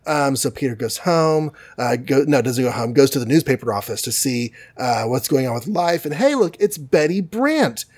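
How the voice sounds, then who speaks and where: A man's voice: mid-range voice, expressive, normal speed, hardly any pauses, a little mellow. A man hosting a podcast, recapping a comic in a rambling, jokey way. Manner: rambling, jokey, many fillers. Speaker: podcast host. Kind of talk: casual comic book recap.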